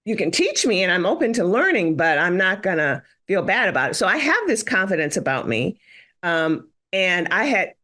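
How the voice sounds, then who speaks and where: Animated woman physician telling stories. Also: fairly low pitch, normal speed. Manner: animated storytelling, acts out quoted exchanges. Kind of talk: podcast conversation.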